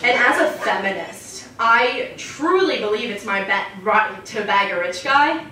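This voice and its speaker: A young woman doing a stand-up comedy routine on a club stage, deadpan and self-mocking, with frequent "um" fillers. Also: medium pitch, a little slow, a little hiss or hum. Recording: echoey club recording from far off. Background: audience laughter.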